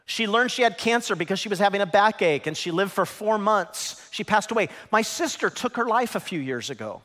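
A middle-aged man preaching a sermon as pastor, with lively swings from hushed, low lines to loud, high peaks. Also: a little fast. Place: large church hall. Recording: long reverb of a large hall.

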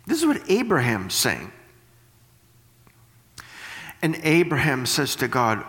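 A man preaching a sermon, reading scripture slowly and then paraphrasing it in animated bursts. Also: medium pitch, long reverb tail.

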